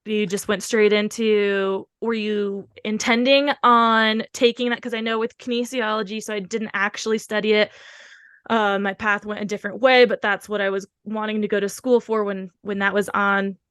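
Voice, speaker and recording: A woman's voice: medium pitch, flat delivery, normal speed, a bit bright, clear, resonant tone, no echo, studio quality. A woman hosting a podcast, chatting casually and rambling with lots of fillers. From Pacific Northwest of the US. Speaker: podcast host.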